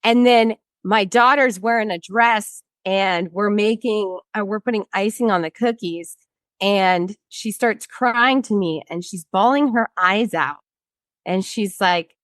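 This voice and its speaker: A woman's voice: medium pitch, measured pace, fairly bright tone, no room sound. A woman in her thirties, a guest in an interview, telling a personal story bluntly and with frequent swearing, acting out what other people said.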